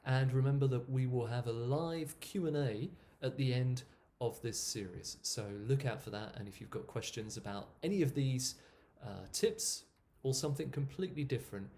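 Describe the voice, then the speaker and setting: A man teaching English in a relaxed, explanatory way, pausing to repeat words slowly so learners can hear how they sound. His voice sits at a middling pitch. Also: a little hiss or hum.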